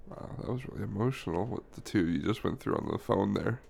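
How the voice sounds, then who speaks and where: A man's voice: fairly low pitch, quick pace, creaky, darkish tone, a little hiss or hum. A man co-hosting a comedy podcast, amused and quizzing his partner, speaking into a mic on a stand. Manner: amused, quizzing interviewer, laughs easily. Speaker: podcast co-host. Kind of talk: improvised comedy chat.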